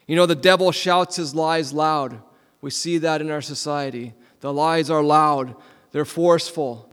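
A man preaching a sermon as a pastor, asking rhetorical questions and repeating lines, swinging from loud emphasis to hushed near-whispers. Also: on the high side, fairly even intonation, unhurried, clean tone. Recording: long hall reverb.

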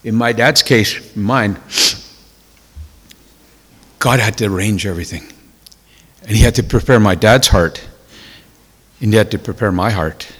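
A man's voice: fairly low pitch, unhurried, long pauses. Tearful man preaching in a reverberant hall. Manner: emotional, swings from hushed whispers to loud exclaiming. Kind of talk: sermon testimony.

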